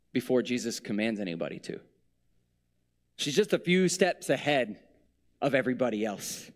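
A male preacher giving a sermon in a conversational, reflective way, with playful asides. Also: mid-range voice.

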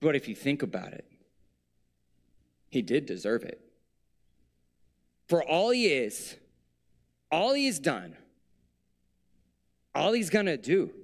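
A male preacher giving a sermon in a conversational, reflective way, with playful asides. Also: medium pitch.

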